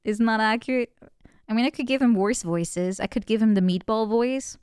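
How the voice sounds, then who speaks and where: Woman, Dutch native speaker, streamer, chatty, giggly, slightly high voice. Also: moderate pace, a little mellow, clean tone, no echo, clean studio sound. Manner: chatty, giggly, self-mocking. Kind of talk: casual gaming commentary, reading game text aloud.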